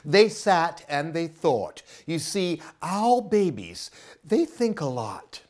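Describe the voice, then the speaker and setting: Animated woman reading aloud to children. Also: sits low, slow. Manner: animated, expressive read-aloud voice. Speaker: librarian.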